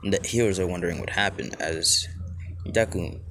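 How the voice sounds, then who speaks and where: Outdoors, a low-voiced man rambles through an improvised fan story at a moderate pace, leaning heavily on filler words. He holds a phone close to his mouth, and the recording picks up outdoor noise.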